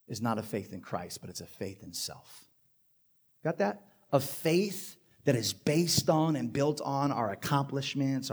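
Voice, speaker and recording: A man preaching a sermon to a congregation, building from quiet points to loud, emphatic passages. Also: medium pitch. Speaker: pastor. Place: church hall before a live congregation.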